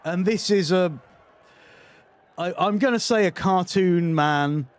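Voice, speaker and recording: British man, high-pitched, slow drawl, sarcastic live reaction commentary. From Britain. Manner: wry, sarcastic asides with frequent laughter. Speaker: reaction video host.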